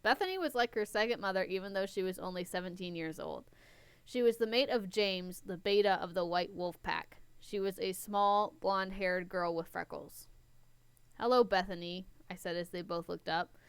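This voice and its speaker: A woman's voice: on the low side, moderate pace, smooth, dry recording. A young woman co-hosting a show, casually reading a story aloud with playful asides and self-corrections.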